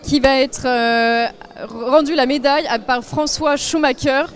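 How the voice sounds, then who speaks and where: A woman with a very high voice and a strong French accent presents a live podium ceremony. She talks in a chatty, self-deprecating way and trips over the names she reads out. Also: steady tone, moderate pace. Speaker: on-site event presenter.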